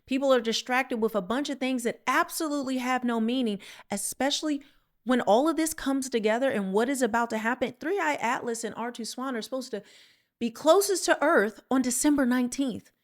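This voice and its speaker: A woman's voice: high-pitched, brisk. Urgent, sarcastic woman host. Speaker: channel host. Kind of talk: alarmed commentary to viewers.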